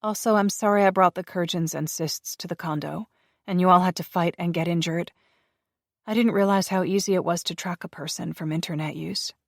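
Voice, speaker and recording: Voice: mid-range voice, fairly even intonation, creaky, no room sound, studio quality, pitched above the performer's own voice, close to an everyday voice. An audiobook narrator voicing a stubborn young human woman who snaps back indignantly. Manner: indignant, quick to snap back.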